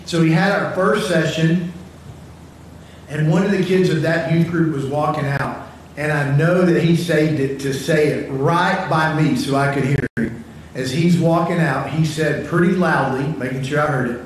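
A man's voice: on the high side, moderate pace, slight background noise. Echoey, distant male preacher. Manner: conversational, storytelling, repeats words when starting phrases. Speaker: pastor. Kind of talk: sermon. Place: church sanctuary. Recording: very echoey church hall, from far off.

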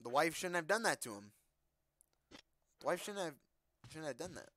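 A man giving casual, joking commentary while playing a video game. He talks back to the characters on screen, breaks into loud outbursts, and mutters the on-screen text in a low voice. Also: sing-song, moderate pace. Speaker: let's play gamer.

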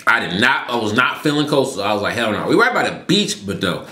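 A young man from Atlanta telling a story to camera in a casual, slangy, profane way, his voice jumping between loud and low. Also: sing-song, fast talker. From Atlanta, Georgia, US. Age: young adult. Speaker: YouTuber. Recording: echoey room.

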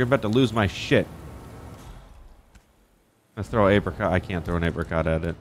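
A man giving excitable, profane, joking gameplay commentary, talking back at characters on screen. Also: low voice, fairly quick, pauses often, slight background noise. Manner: excitable, profane, jokey, talks to game characters. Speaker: gaming YouTuber.

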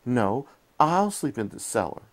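A man's voice: sing-song, a little slow. A man voicing a remorseful young female cat in a bedtime storybook, speaking in a raised, emotional voice. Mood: pleading. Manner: high, emotional, pleading.

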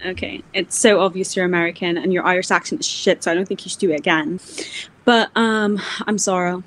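A woman's voice: fairly low pitch, steady tone, a little fast, fairly bright tone, a little hiss or hum. A woman chatting with a stranger over video chat, blunt and unimpressed in her put-downs.

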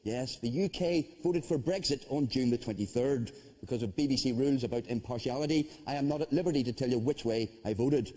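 A man's voice: mid-range voice, a little fast, hardly any pauses. A man hosting a comedy panel show, reading a teasing comic monologue with punchlines. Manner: lively, teasing delivery with punchlines.

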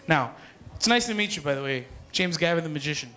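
Bright-voiced joking party magician man. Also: fairly high pitch, lively intonation, fast talker. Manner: playful, joking, calls to the crowd. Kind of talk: live party magic show patter. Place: party hall with dance floor.

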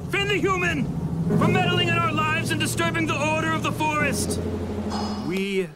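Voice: sits high, normal speed, very noisy, lightly acted. A performer voicing a solemn cartoon forest judge who speaks in grand proclamations. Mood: proclaiming. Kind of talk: cartoon voice acting.

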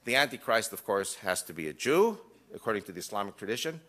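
A man's voice: on the low side, very animated, fast, a bit bright. A man giving an emphatic lecture to a live audience, mixing wry jokes into his points.

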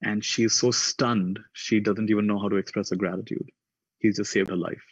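A man with a low voice tells reflective stories to a conference audience. He lifts his pitch to act out the people in his stories. The recording is dry and a little dull. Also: fairly even intonation, a little fast, breathy edge, no echo. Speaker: conference speaker. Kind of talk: reflective storytelling talk.

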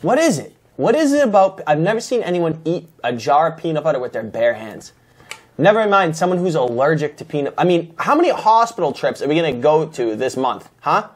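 Male comedian, angry scolding rant, animated delivery. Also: fairly high pitch, a little fast. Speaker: comedian panelist. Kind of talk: improvised comedy banter.

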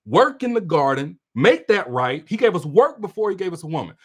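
A man's voice: high voice, big pitch swings, a little fast, breathy edge. A man coaching women on relationships in a livestream talk to his viewers. He is preachy and direct, speaks like a big brother, and repeats phrases for emphasis.

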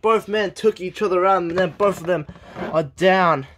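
A man calling a wrestling match play by play, excitable, shouting in bursts and swearing. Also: sits high, normal speed, a little hiss or hum. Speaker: wrestling commentator.

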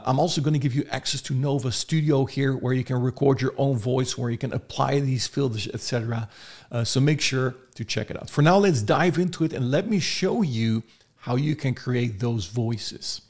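A man giving an enthusiastic, step-by-step software review. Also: medium pitch, normal speed. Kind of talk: screen-recorded product review.

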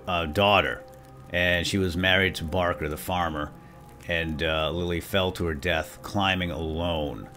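A young man talking through a video game for his viewers, chatty and upbeat, with sudden loud excited exclamations. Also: low-pitched. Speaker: gaming video host. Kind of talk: let's play commentary. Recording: soft game music behind.

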